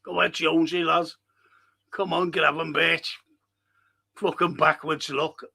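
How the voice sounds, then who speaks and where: A man with a Liverpool accent, streaming live as he watches a football match, reading out viewer comments and swearing at the players in bursts of excitement. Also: on the high side, a little slow, creaky, breathy edge.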